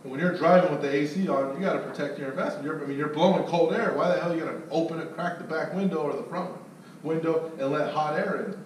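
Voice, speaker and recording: With a fairly high pitch and quick pace, a man curses his way through a sales story while coaching others and acting out the people involved with animated voices. It's recorded in an echoey room on a distant mic, with faint noise.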